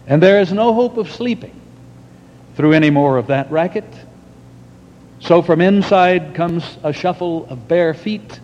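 Male preacher, unhurried dramatic sermon storytelling, higher voice, long hall echo. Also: dark tone. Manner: slow and dramatic, long pauses. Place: church hall with audience. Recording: long hall reverb, dull lo-fi, faint rumble.

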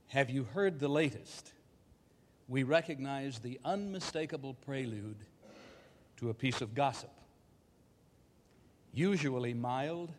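Slow, deliberate man in a reverberant hall. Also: fairly high pitch. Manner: measured, deliberate delivery with dry wit. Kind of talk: scripted reflective talk.

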